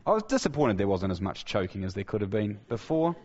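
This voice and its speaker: A man preaches a sermon fast and emphatically, with big swings in pitch, repeating key phrases and often restarting sentences. For key points he drops to a soft, low voice, and the audio sounds dull.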